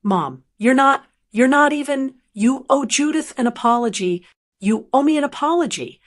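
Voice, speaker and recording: A woman's voice: high voice, expressive, moderate pace, pitched above the performer's own voice. A woman voicing a furious grown son who sputters and stammers accusations at his mother in a narrated story. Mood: angry accusing. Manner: angry, stammering.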